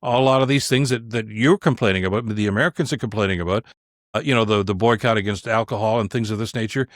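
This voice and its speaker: A man who talks quickly and with emphasis, piling on points in an animated way. His voice sounds close and dry. He is a podcaster speaking as a guest on a conversational show. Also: fairly low pitch, dry recording. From Canada. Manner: emphatic, animated, repeats words when starting a point. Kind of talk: conversational opinion talk.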